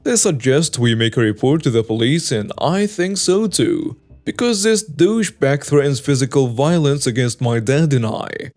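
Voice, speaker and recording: A man reading out a written story in an even, flat narration voice, with little change for the quoted people. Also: medium pitch, normal speed, hardly any pauses, faint music behind. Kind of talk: scripted narration.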